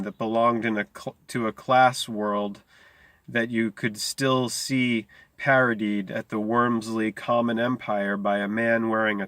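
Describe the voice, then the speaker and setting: A man reading a short story aloud, unhurried, slowing on key phrases and sometimes stumbling over a word. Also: lowish voice, fairly bright tone, no room sound. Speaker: reader.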